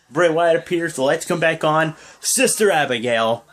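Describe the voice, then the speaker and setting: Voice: medium pitch, moderate pace. A young adult vlogger giving a rambling, casual play-by-play recap of a wrestling show, often stopping to recall details. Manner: rambling, full of fillers and restarts.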